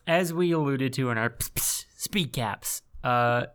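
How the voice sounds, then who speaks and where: A man co-hosting a casual podcast about movies, talking haltingly and often stopping to search for words. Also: mid-range voice, fairly bright tone, smooth. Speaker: podcast co-host. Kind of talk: casual movie-talk chat.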